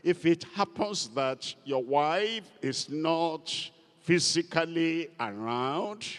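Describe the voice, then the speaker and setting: A man preaching a sermon as pastor, emphatic and repeating key words for stress. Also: a little high. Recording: long hall reverb.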